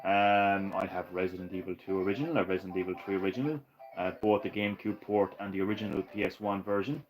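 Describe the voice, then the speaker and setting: A man streaming retro games live, ranting and swearing with bursts of excitement and laughter. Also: low voice, quick pace, rough recording. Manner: ranting, profane, excitable, laughs at own jokes. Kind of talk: casual live-stream chat.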